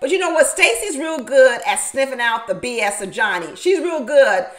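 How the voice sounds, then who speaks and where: Her voice sitting high and her speed normal, a woman gives a lively, casual reality show recap through poor audio. She laughs frequently and repeats points to stress them.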